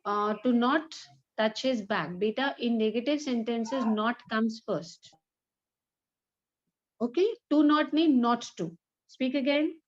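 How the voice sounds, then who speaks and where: A woman teacher runs a lesson, her voice sitting a little high. She praises her students and slowly repeats each example sentence. The audio is muffled and lo-fi. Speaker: English teacher. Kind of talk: online grammar class with students.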